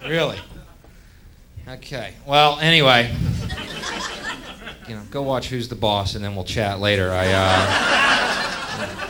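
A man in his thirties performing stand-up on a club stage with a handheld mic. He rants sardonically and profanely, dropping low and muttering, then flaring into sudden shouts. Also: heavy background noise. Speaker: stand-up comedian. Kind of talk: stand-up comedy set.

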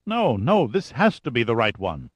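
A man's voice: mid-range voice, animated, brisk, dry recording, lightly acted. A man voicing a confused, anxious Soviet man who speaks urgently in a dry audiobook reading. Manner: urgent, increasingly desperate.

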